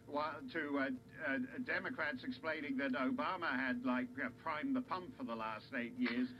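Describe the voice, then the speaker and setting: A man's voice: medium pitch, normal speed, lo-fi sound, a little hiss or hum. Wry Canadian man on a broadcast. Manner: wry, articulate, self-deprecating. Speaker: pundit guest. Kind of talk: TV news interview.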